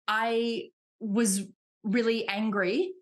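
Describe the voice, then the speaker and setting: Animated woman coach, fairly high voice. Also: extremely slow. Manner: animated, acts out voices in her examples. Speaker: podcast guest, women's coach. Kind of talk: casual chat.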